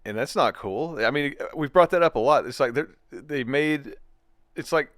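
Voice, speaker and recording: A man's voice: medium pitch, lively intonation, moderate pace, fairly bright tone, dry recording. A man joining as a guest in a casual commentary chat, wry and jokey, with some hesitations. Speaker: guest co-host.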